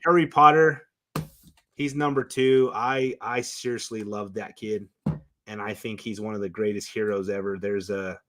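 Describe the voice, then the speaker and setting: Excitable man retelling favorite stories. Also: fairly low pitch, moderate pace. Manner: excited, emotional storytelling with many restarts. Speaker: guest. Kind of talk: casual chat.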